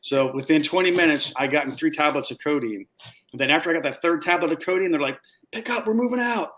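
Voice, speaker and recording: Brief: male podcast guest, raised pitch, animated storyteller who acts out the quotes. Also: quick pace. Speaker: guest, former Marine sniper. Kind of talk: casual storytelling chat.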